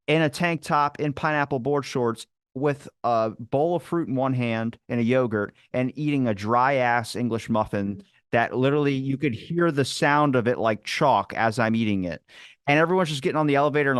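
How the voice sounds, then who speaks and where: A man's voice: medium pitch, clear, resonant tone, dry recording. Guy rambling thru a story, acts out the quotes, swears a bunch, dry close mic, mid voice. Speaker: podcast guest. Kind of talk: casual storytelling.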